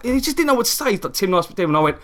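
A man's voice: sits high, big pitch swings, very fast, fairly bright tone. A man in his thirties, co-hosting a podcast, who tells stories in a casual, swearing, laugh-filled way and acts out the other people in them. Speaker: podcast co-host. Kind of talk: casual chat, storytelling.

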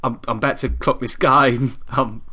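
A man's voice: medium pitch, fairly even intonation, normal speed, pushed and bright, slightly rough. Rambling man telling stories. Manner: rambling, self-mocking, laughs through stories. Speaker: podcast co-host. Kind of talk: casual comedic storytelling.

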